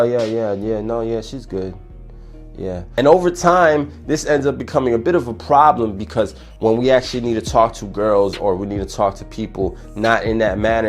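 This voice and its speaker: A man with a fairly low voice delivers profane confidence and dating advice straight to the listener. His delivery jumps between loud, punchy bursts and slower, quieter stretches. Faint music plays underneath. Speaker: dating coach. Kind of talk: motivational advice monologue.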